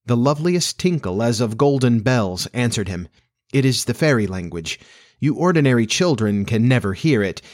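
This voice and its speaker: A man narrating a children's classic as an audiobook in a measured, expressive storytelling manner. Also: medium pitch.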